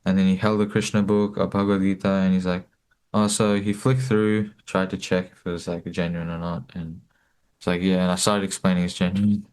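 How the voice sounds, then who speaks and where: A man's voice: sits low, little pitch movement, a little fast, darkish tone, clean tone. A young man in his late teens telling a personal story casually, with many fillers and restarts. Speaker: guest, book distributor.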